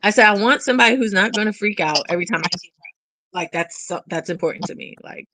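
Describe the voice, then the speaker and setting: A woman's voice: mid-range voice, quick pace, sharp tone, no echo, poor audio. A woman in a casual debate who keeps challenging the other speaker, peppering her speech with "like".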